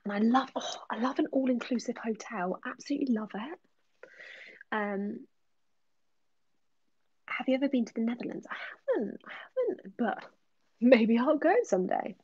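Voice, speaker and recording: A young woman hosting a relaxed livestream, answering chat questions in a chatty voice that slips into soft whispers. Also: fairly high pitch, moderate pace, long pauses, husky, highs cut off. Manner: chatty, drifting between normal voice and soft whispers. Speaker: ASMR livestream host.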